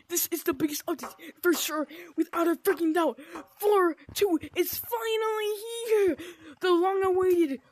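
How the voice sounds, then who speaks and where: Very high-pitched excitable gaming woman. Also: normal speed, hardly any pauses, crowd noise. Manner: excitable, gushing, prone to squealing; says "oh my gosh" and "dude" constantly. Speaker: gaming video creator. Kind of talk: excited gameplay commentary.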